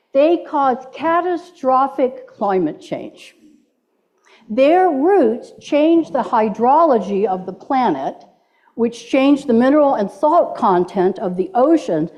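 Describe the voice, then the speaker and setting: A middle-aged woman minister preaches in a church at an unhurried pace, her voice fairly high and full of swooping pitch. She is playful and draws the congregation into call-and-response. The recording sounds dull and lo-fi. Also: dark tone. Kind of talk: sermon with audience participation. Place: church sanctuary.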